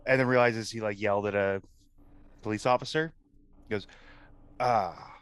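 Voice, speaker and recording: Low-voiced man describing his character. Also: steady tone, brisk, fairly bright tone, clear, resonant tone. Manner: casual, filler-heavy. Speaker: player.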